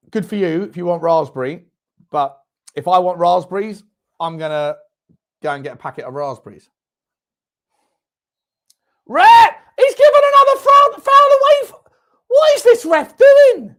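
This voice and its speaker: A man hosting a live football watchalong, chatting with viewers between outbursts at the game. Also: a little high. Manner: chatty, reads out viewer comments, bursts into shouting at the referee and chances. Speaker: fan watchalong host.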